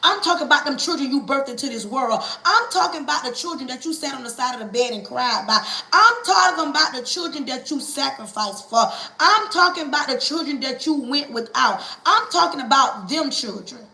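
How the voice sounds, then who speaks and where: A woman's voice: high voice, lively intonation, brisk, few pauses, pushed and bright, roomy sound, low-quality recording. A woman preaching on a livestream, coaxing listeners and hammering her points through call-and-response and repetition. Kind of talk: impassioned livestream sermon.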